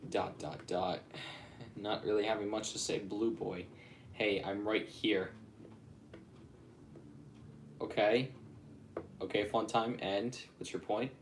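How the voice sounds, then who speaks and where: A man's voice: fairly low pitch, steady tone, a little slow, slight background noise. A man rambling casually on a livestream, chatting and reacting to viewer comments. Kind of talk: casual live-stream chat.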